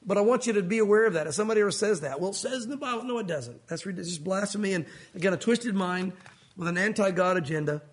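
Male pastor, pleading sermon delivery, higher voice with a husky edge. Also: fast talker. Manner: earnest, pleading, rises and falls in pitch for emphasis.

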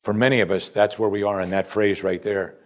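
A man preaching a sermon. He climbs to loud, high emphasis, then sinks to quiet, soft passages, and asks his listeners question after question. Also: little pitch movement, a little fast. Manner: asks the congregation repeated rhetorical questions. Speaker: pastor.

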